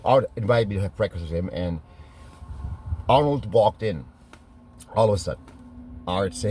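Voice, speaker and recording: A man's voice: deep voice, moderate pace, pauses often, warm tone, slight background noise. A middle-aged man from Germany with a German accent, telling stories in a rambling, self-correcting way and laughing at his own memories. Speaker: fitness trainer telling stories. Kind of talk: casual storytelling monologue.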